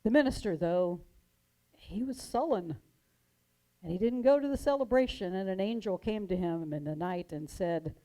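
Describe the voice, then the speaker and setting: A woman minister giving a sermon, telling stories in a gentle, measured way and dramatizing the quotes. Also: medium pitch, poor audio. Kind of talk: sermon storytelling.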